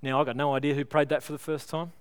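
A man's voice: fairly high pitch, little pitch movement, smooth. A man preaching a sermon at a church service, earnest and pleading, leading the congregation in prayer. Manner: earnest, pleading, builds with illustrations then slows to prayer. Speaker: pastor.

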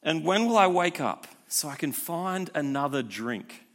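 A man voicing a dazed drunk man who wakes up bruised, loud and bewildered. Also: on the high side, animated, unhurried.

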